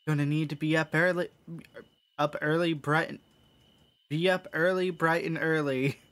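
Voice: mid-range voice, steady tone, moderate pace, a bit bright, voice pushed up, natural voice. A streamer voicing a tired, hardworking mother in a horror game, with a put-on folksy drawl and a singsong chant. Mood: weary cheerful. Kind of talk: game voice acting.

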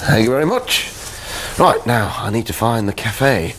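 A man's voice: mid-range voice, big pitch swings, normal speed, background noise, close to an everyday voice. A British man playing a cheery grown-up character on a children's TV show, chatty and chuckling as he tells a story.

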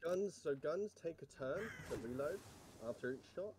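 A man's voice: on the high side, lively intonation, moderate pace, background noise. A man playing a video game with friends, explaining the rules in a wry, self-mocking way. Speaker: gamer. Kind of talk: casual gaming chat.

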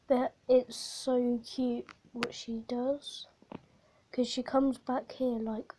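A woman who is unwell and short of breath vlogs casually with her pet hamster, often dropping to a whisper and cooing at it. Her voice is a little high, mellow and slow with a flat delivery, over slight background noise.

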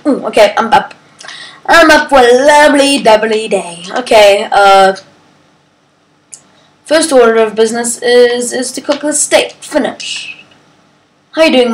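On a low-quality recording, a woman whose voice runs on the high side commentates casually on her gameplay for her gaming channel. She's talkative and playful, now and then chanting in a sing-song way or using baby talk with her pets.

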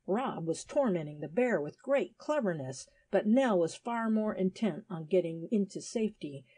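A woman reading a story aloud at a steady pace, lifting her voice when the characters speak. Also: on the low side, dry recording. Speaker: story reader. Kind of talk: scripted narration of a graded English reader.

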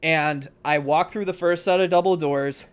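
A man's voice: a little high, moderate pace, clean tone. A young man hosting a podcast and telling a story among friends, swearing freely and acting out the other people's voices. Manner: animated, swears freely, acts out quoted voices. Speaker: podcast host.

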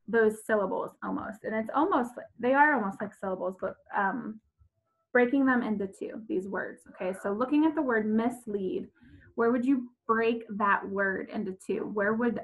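A woman's voice: medium pitch, fairly bright tone, low-quality recording. A woman teaching fourth graders in a remote class lesson, patient and repetitive, with frequent ums as she walks through each step.

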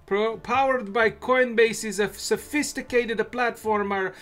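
A man's voice: high voice, steady tone, unhurried, fairly bright tone, soft background music, voice pushed up. A man putting on the voice of a self-important Italian male executive who stumbles over words and misplaces articles. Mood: pompous.

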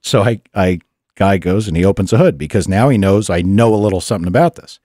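Profane storytelling man, low dry voice. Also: quick pace, mellow, no echo. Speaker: podcast host. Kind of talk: casual chat. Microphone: studio mic.

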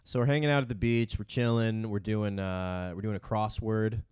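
A man with a low voice, chatting as a comedy podcast co-host. His delivery is laid-back and rambling, and the sound is close and dry with no room around it. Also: steady tone, moderate pace, darkish tone, smooth, no echo. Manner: laid-back, rambling storyteller who laughs often. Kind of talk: casual chat, storytelling.

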